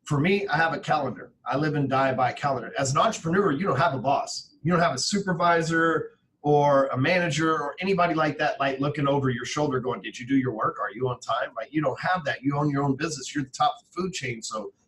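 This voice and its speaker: A man's voice: a little high, quick pace, fairly bright tone, far from the mic, a little hiss or hum, rough recording. A man from Texas, a podcast guest, telling motivational stories in a blunt, profane, casual way, often tagging on "right?" and "man".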